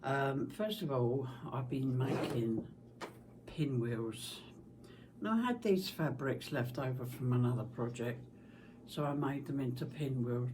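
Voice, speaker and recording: A middle-aged woman with a London-area English accent and a slight Scottish tinge, chatting casually in her husky smoker's voice about her quilting. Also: extremely low pitch, unhurried. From southeast England. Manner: chatty, rambling, homely. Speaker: quilting channel host. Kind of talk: casual chat. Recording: distant mic with faint background hiss.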